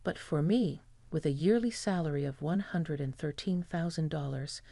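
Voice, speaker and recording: A woman telling a revenge story in scripted first-person narration, at an even, measured pace. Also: sits low, creaky, no echo.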